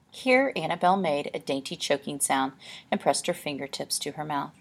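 A woman narrates an audiobook in a calm, measured storytelling manner. Her voice is on the lower side and slightly husky.

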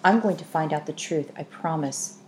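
A woman voicing a stubborn, quick-tempered young girl. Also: low voice, lightly acted. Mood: defiant. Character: stubborn young girl, defiant then scared. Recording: echoey room, faint hiss.

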